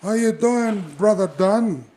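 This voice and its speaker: A man's voice: high-pitched, animated, dark tone, pitched above the performer's own voice. A man doing an impression of a friendly, spacey veteran male wrestler who calls everyone brother. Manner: calls people brother, slow rambling lines.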